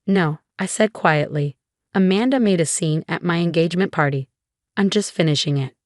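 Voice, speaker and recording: A woman reading a scripted first-person story in an even, measured way. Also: fairly low pitch, no room sound, clean studio sound.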